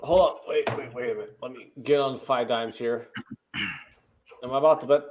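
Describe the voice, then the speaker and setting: A man's voice: mid-range voice, fairly even intonation, moderate pace, a little mellow, slight background noise. A man from the American Midwest co-hosting a casual betting podcast, ranting emphatically and swearing often. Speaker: co-host.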